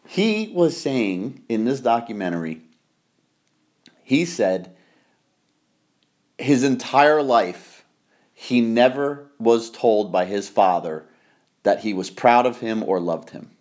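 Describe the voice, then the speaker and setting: A middle-aged American man hosting a podcast, telling stories in casual chat, rambling and excitable with frequent laughter. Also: medium pitch, takes it slowly, long pauses. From United States. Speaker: podcast host.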